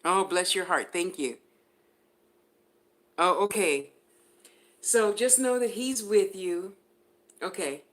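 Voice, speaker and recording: A woman's voice: medium pitch, takes it slowly, pauses often, a bit bright. A woman giving a live spiritual reading to viewers. She talks in a chatty way, laughs often, and addresses people by name. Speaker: spiritual reader.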